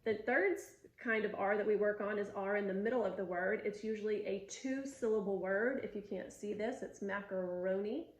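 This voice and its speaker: Patient woman coaching speech sounds. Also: medium pitch. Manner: patient, slow, drawn-out sound demonstrations; gives short coaching cues and praise. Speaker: speech teacher. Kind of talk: instructional demonstration. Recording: roomy echo.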